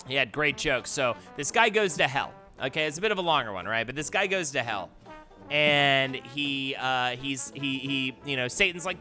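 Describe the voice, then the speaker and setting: A man's voice: medium pitch, animated, moderate pace, pushed and bright, faint music behind. A man hosting a live stream, reading listener jokes aloud and laughing often. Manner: playful joke-telling, laughs often. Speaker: host.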